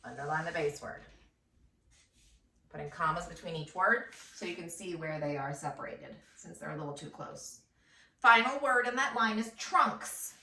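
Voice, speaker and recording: A first grade teacher woman dictating a phonics lesson, sounding out words slowly and clearly syllable by syllable. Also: lowish voice, animated, sharp tone. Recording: echoey room, voice from a distance.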